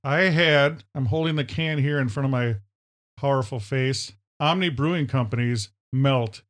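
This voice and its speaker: Excited minnesota guy cohosting, plain mid voice, says powerful a lot. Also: mid-range voice, moderate pace. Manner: enthusiastic, keeps repeating "powerful". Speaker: podcast co-host. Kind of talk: casual chat.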